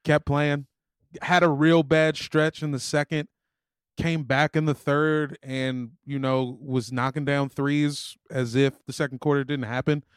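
Male co-host, higher than average, crisp tone, joking casual game recaps. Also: level tone, no room sound, clean studio sound. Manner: wisecracking, quick jokes. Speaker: podcast co-host. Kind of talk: casual sports chat.

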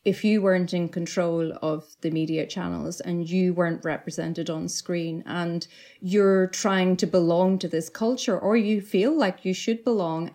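Middle-aged Northern Irish woman, novelist guest, earnest and thoughtful, lowish voice. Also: darkish tone. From Northern Ireland. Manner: earnest, reflective, with frequent restarts. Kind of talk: interview conversation.

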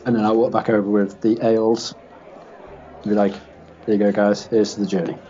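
Mellow-voiced man playing a tabletop game. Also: lowish voice, brisk. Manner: chatty, excitable, rambling. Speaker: player. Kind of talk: casual tabletop game play. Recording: dull lo-fi recording with faint noise.

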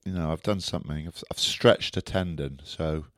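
A man's voice: extremely low pitch, normal speed, a bit bright, dry recording, studio quality. A man co-hosting a podcast, rambling casually with many fillers. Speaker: podcast co-host. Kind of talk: casual chat.

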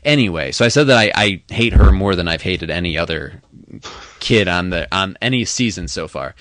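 A man's voice: deep voice, animated, normal speed, a bit bright, no echo. A man co-hosting a casual podcast, rambling and dry, with lots of ums. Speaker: podcast co-host. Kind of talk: casual chat.

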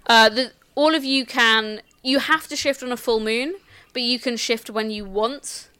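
A woman game master talks through characters and rules at an unhurried pace. Her voice is smooth and a little high, recorded close and dry. She restarts phrases now and then as she explains. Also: pushed and bright, no echo. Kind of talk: explaining a tabletop game setup.

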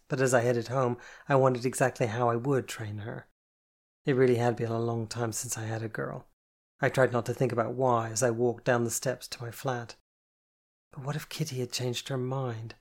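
An audiobook narrator giving first-person novel narration in a soft, even reading. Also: medium pitch.

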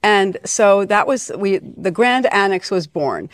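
A woman's voice: medium pitch, animated, takes it slowly, dry recording, clean studio sound. A middle-aged woman from Connecticut, guest in an interview, telling her story with many fillers and restarts. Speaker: foundation leader, guest. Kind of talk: conversational interview. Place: venue hall.

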